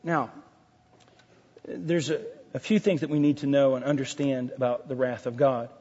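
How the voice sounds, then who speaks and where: A man's voice: mid-range voice, fairly even intonation, moderate pace, darkish tone, breathy edge. A middle-aged man preaching a sermon as pastor, emphatic and repeating key phrases, with conversational asides to the congregation. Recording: dull lo-fi sound with long hall reverb.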